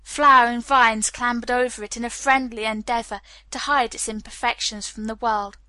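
A woman reads a novel aloud in a steady, clear storytelling voice. Her voice sits a little high and sounds bright. The recording is dry and close. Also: moderate pace, no room sound. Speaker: audiobook narrator. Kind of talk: scripted narration.

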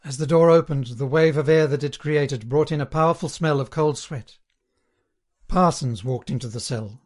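Man narrating a novel, slightly high voice. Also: moderate pace, a little mellow. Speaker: audiobook narrator. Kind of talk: scripted narration.

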